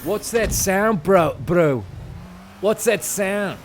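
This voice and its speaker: A man's voice: sits high, animated, slow, a little hiss or hum, voice pushed up, heavily acted. A man doing a put-on for a brash, sulky young male tennis star who talks slangy and drawn out. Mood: loud.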